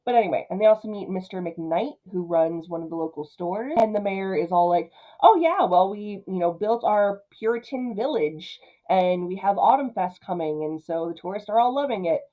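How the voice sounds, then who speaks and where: A young woman chats her way through a film review, jumping into quick voices for the characters. Her pitch sits in the middle, and the recording sounds a little dull. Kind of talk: casual commentary.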